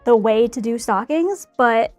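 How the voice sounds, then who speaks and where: A woman's voice: a little high, lively intonation, measured pace, darkish tone, no room sound, soft background music. A young woman chatting casually in a bubbly, rambling way while she paints a figure. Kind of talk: casual chat while crafting.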